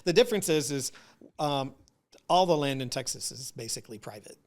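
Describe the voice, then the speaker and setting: Relaxed man explaining an analogy. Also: mid-range voice, brisk. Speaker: podcast guest. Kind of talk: casual chat.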